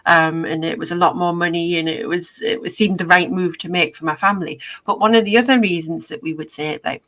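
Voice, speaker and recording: Northeast woman, lower voice, reflective and chatty guest. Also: moderate pace, bright, forceful tone, low-quality recording. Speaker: podcast guest, business owner. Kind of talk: casual interview chat.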